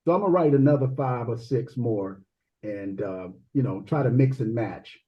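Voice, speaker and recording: A man chatting as a guest musician on a podcast, relaxed and laid-back, often dropping "man" into his sentences. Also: medium pitch, moderate pace, highs cut off. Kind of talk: casual podcast chat.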